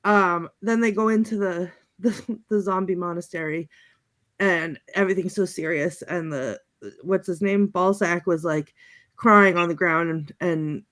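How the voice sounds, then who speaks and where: A woman's voice: on the low side, steady tone, measured pace, fairly bright tone. Giggly rambling woman on a video call. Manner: rambling and giggly, with many fillers and restarts. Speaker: podcast panelist. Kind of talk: casual chat recapping favorite movie quotes.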